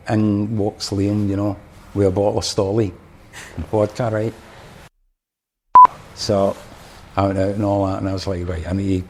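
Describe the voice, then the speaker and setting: A Scottish man with a lowish voice tells a long story about his band days. He talks loosely, circling back and restarting phrases as he goes. It sounds like relaxed podcast chat. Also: a little hiss or hum. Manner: rambling anecdotes with many restarts and fillers. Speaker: podcast guest, former band drummer. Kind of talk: casual storytelling.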